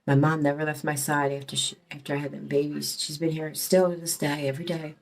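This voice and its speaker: A middle-aged woman with a low voice tells her story casually. She rambles, swears often and breaks off mid-sentence to start again. Her telling stays emotional throughout. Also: level tone, fast talker, darkish tone. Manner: rambling, profane, emotional, many restarts. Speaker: storyteller recounting her past.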